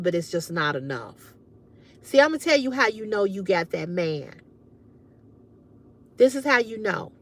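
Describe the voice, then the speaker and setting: A woman hosting a livestream, giving emphatic, frank advice to her viewers in casual chat and swearing freely. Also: medium pitch. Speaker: livestream host.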